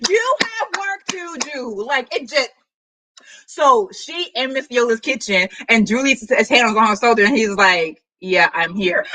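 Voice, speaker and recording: A chatty woman vlogger recaps a book in loose, slangy talk. Her voice sits a little high and swings widely in pitch. The tone is bright. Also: poor audio. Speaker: book vlogger hosting a reading sprint. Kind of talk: casual chat, recapping a book.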